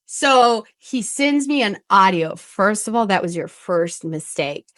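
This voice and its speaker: A woman guest on a podcast, a relationship coach, telling stories in a blunt, profane and animated way. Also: mid-range voice, a little slow, dry recording, studio quality. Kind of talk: casual podcast storytelling.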